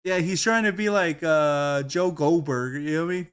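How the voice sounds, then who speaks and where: Man, slightly high voice, streamer, casual video commentary, giggly, rambling, swears freely. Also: moderate pace, a bit bright, clear, resonant tone. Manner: giggly, laughs often at what he watches; loose, profane and rambling.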